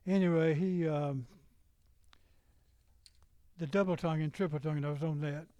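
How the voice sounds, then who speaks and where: A man's voice: on the high side, fairly even intonation, moderate pace, warm tone, no room sound, low-quality recording. An older man with a Southern US accent, a music teacher rambling informally to fellow educators and singing rhythm syllables to demonstrate.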